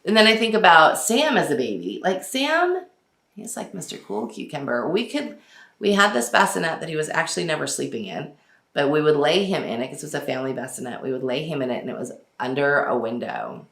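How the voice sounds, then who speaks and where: A woman's voice: deep voice, sing-song, a little fast, creaky, fairly bright tone. A woman in her forties hosting a casual chat, talking freely with frequent laughs and filler words. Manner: chatty, laughs often, many fillers. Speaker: host. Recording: echoey room.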